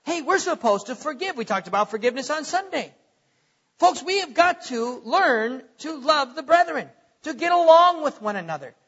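A male pastor preaching a sermon, animated, firing off rhetorical questions and chuckling at his own jokes. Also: extremely high pitch, moderate pace, muffled recording.

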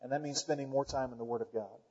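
A man preaching a sermon as pastor, emphatic and building to loud points, calling out to the congregation. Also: mid-range voice, steady tone, fast, breathy edge. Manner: calls out to the congregation. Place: church sanctuary. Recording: dull lo-fi sound with long hall reverb.

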